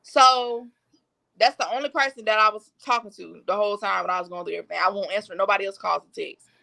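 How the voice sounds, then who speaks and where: Gravelly, bright-voiced woman telling her story. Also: mid-range voice, fast talker. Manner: blunt, slangy, matter-of-fact recounting. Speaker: podcast guest. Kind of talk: candid personal storytelling.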